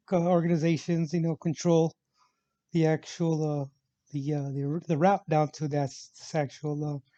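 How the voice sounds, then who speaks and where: A man's voice: on the high side, warm tone, no room sound. A man casually telling a personal travel story on his vlog, rambling with many fillers and restarts. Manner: rambling, full of fillers and restarts, repeats "actual". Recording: dull lo-fi sound, dry.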